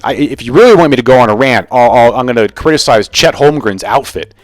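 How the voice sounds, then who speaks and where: Animated young man ranting about basketball. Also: mid-range voice, fairly quick, no echo, faint music behind. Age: young adult. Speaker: sports video host. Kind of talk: casual sports commentary vlog.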